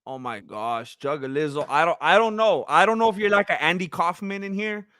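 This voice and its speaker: A young man with a high, bright voice hosts a casual livestream, bursting into laughter and exclamations as he reads out viewer comments. His voice is going hoarse from hours of talking. The sound is close and dry, with no room around it. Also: a little fast, no room sound. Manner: excitable, laughs often, trails into quieter sincere thanks. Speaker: livestream host. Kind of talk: casual live-stream chat reading viewer comments.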